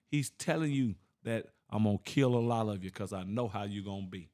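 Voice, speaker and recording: A man with teaching scripture informally, asking rhetorical questions, laughing and reading verses slowly. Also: on the low side, a little mellow. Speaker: Bible teacher.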